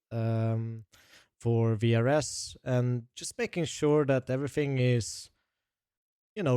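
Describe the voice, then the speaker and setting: A male podcast co-host explains things in a measured way, often pausing to hesitate. His voice is smooth and resonant, and the recording is dry and close. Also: medium pitch, a little mellow, no room sound. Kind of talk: casual podcast chat.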